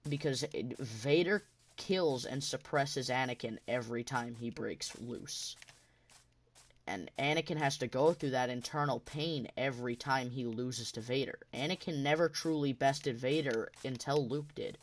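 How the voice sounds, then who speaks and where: A man's voice: medium pitch, unhurried. A man hosting a gaming channel, talking in a casual rambling monologue while he plays, passionate and often restarting his sentences.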